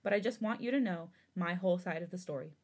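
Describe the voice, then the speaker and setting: A woman's voice: on the low side, quick pace, darkish tone, lightly acted. Woman reading as a remorseful young man. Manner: apologetic, pleading. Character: remorseful young man explaining his past hurt.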